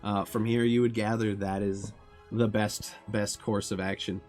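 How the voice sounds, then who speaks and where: A man's voice: on the low side, flat delivery, a little slow, a little mellow, faint music behind. A man narrating a tabletop game as game master, describing scenes with filler restarts.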